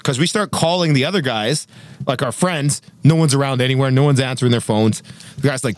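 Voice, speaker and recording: A young man telling a story in casual chat, animated and acting out quotes, with frequent laughs. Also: mid-range voice, fairly quick, no room sound. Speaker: podcast co-host telling a story.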